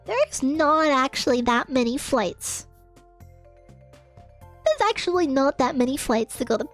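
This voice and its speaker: Young Australian woman streamer with a very high voice, emotional laughing storyteller, soft music bed. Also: lively intonation, measured pace, pauses often. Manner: laughs often, swears, emotional and breathless retelling. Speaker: VTuber streamer. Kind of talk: casual storytelling rant to chat.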